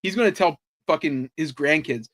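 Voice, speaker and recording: A man's voice: a little high, normal speed. Chatty man telling sports stories. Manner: animated storytelling, swears freely, lots of "like" fillers. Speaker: podcast host. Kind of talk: casual chat.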